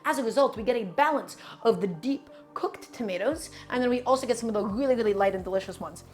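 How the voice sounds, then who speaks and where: A woman's voice: fairly high pitch, fast, faint music behind. A woman hosting a cooking stream, chatting casually and playfully to her viewers as she cooks. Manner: chatty and playful, often says "my friends".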